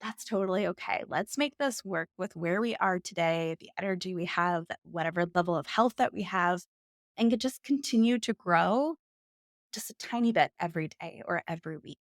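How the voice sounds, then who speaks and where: A woman's voice: lowish voice, normal speed, dry recording, studio quality. A woman author speaking as a podcast guest, reassuring and encouraging as she talks about goals. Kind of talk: casual interview chat.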